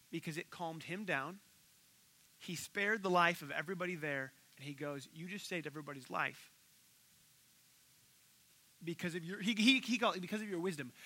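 A male pastor delivers a sermon with a high, sharply bright voice. He retells stories animatedly, jumping into the voices of the people in them. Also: rough recording. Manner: animated storytelling, acting out quoted voices.

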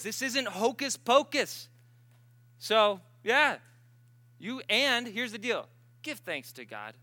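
A man preaching at a healing service, telling stories with sudden bursts of excitement. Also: sits high, no room sound. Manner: animated storyteller, bursts of excitement. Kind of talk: sermon.

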